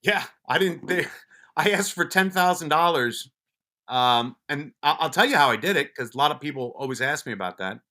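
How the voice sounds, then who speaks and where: A man's voice: a little high, lively intonation, normal speed, pushed and bright. A man guest on a podcast telling stories from his police career in a casual, blunt way, swearing freely and often restarting his sentences. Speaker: podcast guest, police officer and wellness advocate. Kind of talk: casual storytelling.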